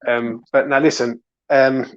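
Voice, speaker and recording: A man's voice: medium pitch, flat delivery, measured pace, highs cut off, crowd noise. A man from England, a fellow fan, talking in an earnest, friendly way with British slang.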